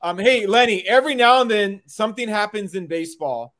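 A man's voice: sits high, brisk, a bit bright. A male host asking casual interview questions on a live video chat, eager and chuckling, often repeating words as he starts.

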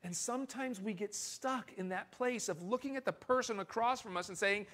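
Guy preaching a sermon, highish voice, emphatic then quiet and confessional. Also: normal speed, few pauses. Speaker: pastor.

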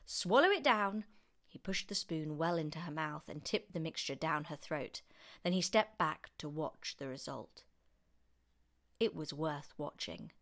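A woman reading a children's book aloud as an expressive storyteller. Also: low-pitched, a little slow. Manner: expressive, animated narration.

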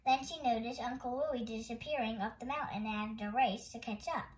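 A woman hosting storytime, reading a picture book aloud in a gentle, expressive way. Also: fairly high pitch, fairly quick, a little hiss or hum, rough recording. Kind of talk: children's read-aloud narration.

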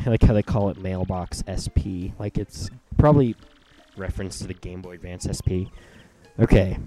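A man's voice: low voice, normal speed, mellow. A young man casually commenting on a video game he is playing, rambling with lots of fillers and reading the on-screen text aloud. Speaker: let's play host. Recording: faint game music behind.

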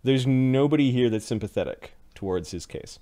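A man's voice: mid-range voice, expressive, moderate pace, warm tone. A man running a tabletop game as game master, narrating animatedly and laughing often.

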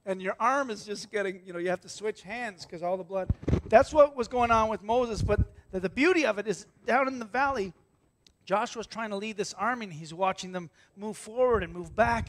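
Pastor, male, high-pitched, animated sermon delivery with acted-out voices, loud-to-hushed swings. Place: church.

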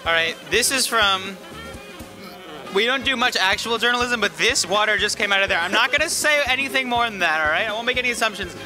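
Man, roving reporter, high-pitched, playful, teasing, crowd chatter and music behind. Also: animated, brisk, sharp tone, poor audio. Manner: goofy, teasing, jokey. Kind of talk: playful on-the-street interviews. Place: busy school cultural night event.

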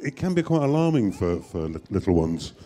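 A man's voice: on the low side, sing-song, a little fast, warm tone. A man in his fifties, a voice actor, telling interview anecdotes with frequent stammered restarts. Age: 50s. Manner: stammering restarts, self-deprecating.

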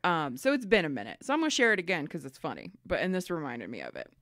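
A woman co-hosting a podcast, reading listener emails aloud and telling stories in a lively, swearing, laughing way. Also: low-pitched, fast, dry recording, studio quality. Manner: animated storyteller, swears freely, laughs often. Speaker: podcast co-host.

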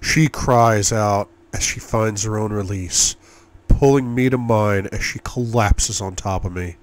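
A man with a fairly low voice reads an audiobook aloud in the first person. His delivery is intimate and measured, and he keeps an even, unhurried pace. He sounds like a steady storyteller. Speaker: audiobook reader. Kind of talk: audiobook narration.

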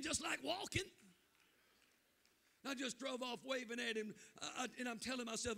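A man preaching a Pentecostal sermon in church, impassioned and shouting. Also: high voice, moderate pace, creaky. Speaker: pastor.

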